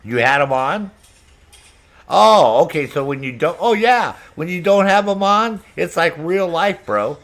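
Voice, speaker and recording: A man's voice: a little high, expressive, a little slow, a bit bright. Middle-aged male game streamer, foul-mouthed and brash, laughs a lot while chatting with viewers. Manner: profane, brash, laughs often. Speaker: gaming streamer. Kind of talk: casual chat with stream viewers.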